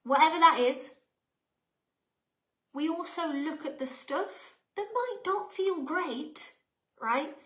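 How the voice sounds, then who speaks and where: A woman's voice: high voice, expressive, slow pace, long pauses, fairly bright tone. A woman in her thirties with an English accent, giving a chatty, emphatic live workshop talk as a mindset coach and often checking in with her viewers. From England. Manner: chatty and emphatic, often asking the audience "right?". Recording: roomy echo.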